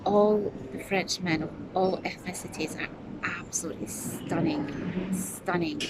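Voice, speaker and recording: Traffic noise fills this outdoor clip of a middle-aged UK travel vlogger talking casually into her phone, laughing and rambling as she mutters to herself. Her lowish voice is fairly even in intonation and a little slow.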